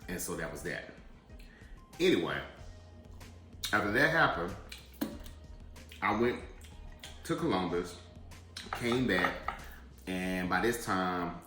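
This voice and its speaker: A man's voice: low voice, expressive, slow, pauses often, bright, forceful tone, roomy sound, soft background music. Chatty man telling a story. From Atlanta area, USA. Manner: chatty, addresses viewers directly, digressive. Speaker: vlogger. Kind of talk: casual storytelling while eating.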